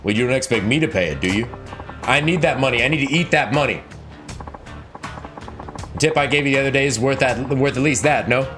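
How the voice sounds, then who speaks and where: A man voicing a jolly, hard-drinking aging foreign man in a game, with a loud, pitched-up cheery delivery. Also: a little fast, long pauses, over music, close to an everyday voice. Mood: wheedling.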